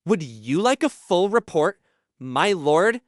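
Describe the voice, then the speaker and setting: A dry, deadpan spirit servant from an audiobook, the leftover soul of an ancient magician, polite and formal. A man reads him out at an unhurried pace in a close, dry studio sound. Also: high-pitched, dry recording, full character voice.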